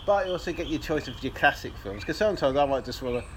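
A man's voice: mid-range voice, fast, background noise. A man co-hosting a podcast in casual, jokey chat. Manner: animated, jokey, puts on posh voices. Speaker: podcast co-host.

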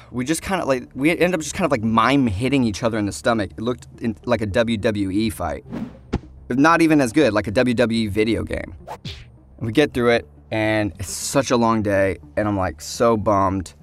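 A man's voice: fairly low pitch, moderate pace. A young man casually telling a story about a film shoot, acting out other people's lines.

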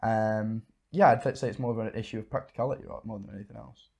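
Husky, sweary man. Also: fairly low pitch, steady tone, quick pace, dark tone. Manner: sweary, jokey banter. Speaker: podcast co-host. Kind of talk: casual chat.

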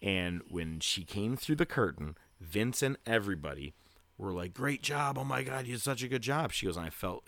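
A man hosting a podcast, chatting casually and rambling through a story with lots of fillers. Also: low voice. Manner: grows loud and hyped toward a segment tease. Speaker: podcast host. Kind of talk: casual chat.

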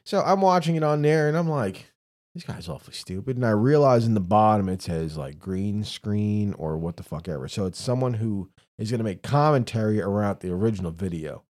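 A man with a low, mellow voice rants his way through a casual podcast chat. He swears constantly and mocks the people he talks about. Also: a little fast, hardly any pauses. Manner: profane, ranting, mocking. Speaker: podcast co-host.

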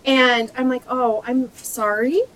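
A woman's voice: a little high, fairly even intonation, takes it slowly, fairly bright tone, low-quality recording. A woman, co-hosting a podcast in casual chat and acting out the people in her stories. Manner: chatty storyteller, acts out quoted people. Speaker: podcast co-host.

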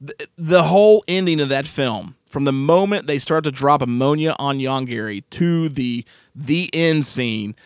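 A man co-hosting a podcast, casually reviewing a film in an animated, exasperated way, laughing often. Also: fairly high pitch, measured pace, clean tone, dry recording, clean studio sound. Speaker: podcast co-host.

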